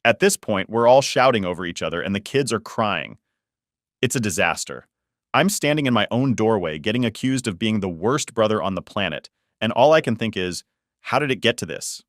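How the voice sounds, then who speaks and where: A man's voice: on the low side, expressive, fairly quick, no room sound, clean studio sound. A man narrating a first-person family drama story in an exasperated, matter-of-fact way.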